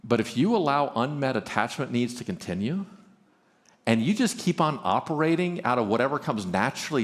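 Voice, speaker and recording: A man's voice: mid-range voice, expressive, brisk. A middle-aged man from Arkansas, a pastor giving an earnest conference talk on marriage, who often stumbles and repeats his openings.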